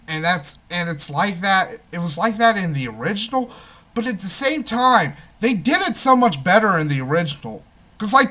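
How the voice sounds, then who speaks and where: Bright-voiced young man ranting profanely. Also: a little high. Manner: profane, heated ranting with constant swearing; swings between muttering asides and loud outbursts. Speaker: movie reviewer. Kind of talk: unscripted rant review.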